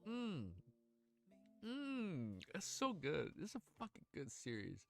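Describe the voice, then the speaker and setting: Hyped up streamer guy, stuffy nose, swearing nonstop, sharp bright voice, quiet music in the back. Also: a little high, slow pace, creaky. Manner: excitable, swears a lot, emotional. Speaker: livestreamer. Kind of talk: casual livestream reaction and reading aloud.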